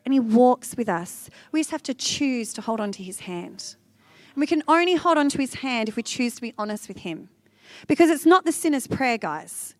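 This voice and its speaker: A woman with a high, bright voice preaching a devotional message. She is animated and conversational, talking straight to her listeners. The sound is dry and close, with no room echo. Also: moderate pace. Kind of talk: devotional teaching talk.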